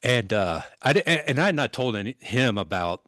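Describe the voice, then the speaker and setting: A man in his sixties, a former police officer, vividly recounting a call as a podcast guest, with many halting restarts. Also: mid-range voice, very animated, fairly bright tone, dry recording. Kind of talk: conversational storytelling.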